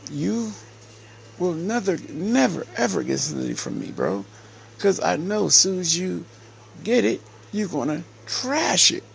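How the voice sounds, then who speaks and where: A man giving a slow, repetitive, scolding casual rant to camera as a vlogger. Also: sits high, wildly swooping pitch, vocal fry, slight background noise.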